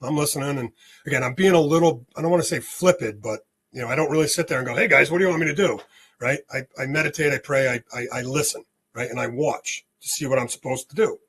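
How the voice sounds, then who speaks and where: A man guest on a spiritual podcast, telling a story in an animated way and often checking in with "okay?". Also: mid-range voice, quick pace, a little hiss or hum.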